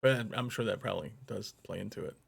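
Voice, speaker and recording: Podcast host, man, mid pitch, gravelly voice, easygoing interviewer with a ready laugh. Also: fast. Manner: asks questions, laughs easily. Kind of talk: casual interview.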